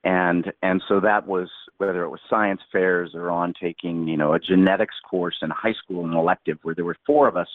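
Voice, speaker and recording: A man's voice: low-pitched, dry recording. A man in his sixties, a podcast guest, telling a long story in a rambling, vivid way and acting out the quotes. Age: 60s. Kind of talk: anecdotal storytelling in a podcast interview. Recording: tinny phone-like line.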